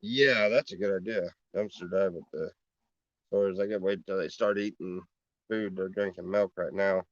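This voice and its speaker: A man's voice: steady tone, moderate pace. A man with a drawl talks casually about his homestead in a vlog. His voice sits in a middling register and is a bit dull and muffled. The room is dry, with no echo. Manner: talks to his piglets in a high coaxing voice. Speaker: homesteader vlogger.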